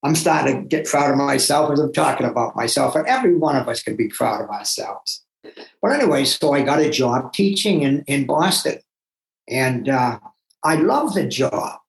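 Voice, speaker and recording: An older man from Massachusetts, a guest telling his own story in an animated, emphatic way with asides to himself. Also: medium pitch, moderate pace, vocal fry. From Massachusetts, USA. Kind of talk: personal storytelling. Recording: roomy echo.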